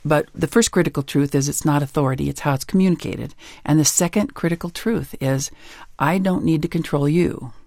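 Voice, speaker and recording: A woman being interviewed as a parenting author, talking in an emphatic, animated way. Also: low-pitched, brisk, vocal fry, no echo, studio quality. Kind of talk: interview conversation.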